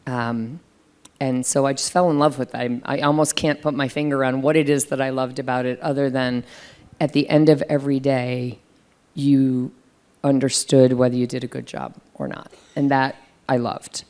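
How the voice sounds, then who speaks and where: A woman's voice: very deep voice, little pitch movement, moderate pace, a little mellow. A middle-aged American woman, a senior business leader, talking reflectively in a fireside chat with frequent fillers. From United States.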